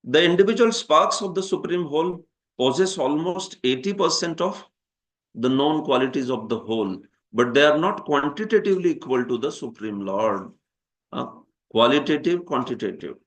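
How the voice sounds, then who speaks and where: The man's voice is fairly high, a bit bright, and lively in intonation, at normal speed. Teaching scripture to a class, this Indian-accented Hindi speaker lectures and poses questions, often saying "huh?" to students and laughing at his own jokes.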